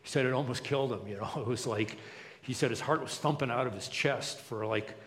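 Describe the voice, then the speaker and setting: Pastor preaching casually in a reverberant hall. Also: male voice, medium pitch, fairly quick, fairly bright tone. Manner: conversational, many fillers and restarts. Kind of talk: sermon. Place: church.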